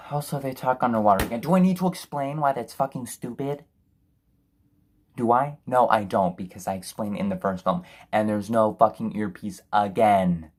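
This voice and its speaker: A man's voice: fairly low pitch, brisk, a little mellow. A man reviewing a film in a sarcastic, profane, exasperated rant. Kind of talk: ranting film review commentary.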